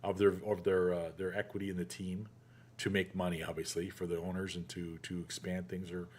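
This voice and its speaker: A man hosting a casual chat show, telling a story in a lively way and acting out the voices he quotes. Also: sits low, brisk, slightly rough. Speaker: podcast host.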